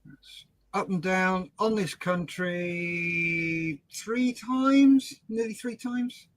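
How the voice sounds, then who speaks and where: A man co-hosting a casual stream, reacting with quick chatty remarks. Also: high-pitched. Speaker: co-host. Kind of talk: casual chat.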